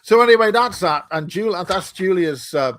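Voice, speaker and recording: A man's voice: high voice, animated, moderate pace, a bit bright, slight background noise. A man with a Belfast accent, a conference founder chatting as a guest over a video call, rambling and joking. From Northern Ireland. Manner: rambling, joking, self-interrupting. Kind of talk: casual chat. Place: home in Wiltshire.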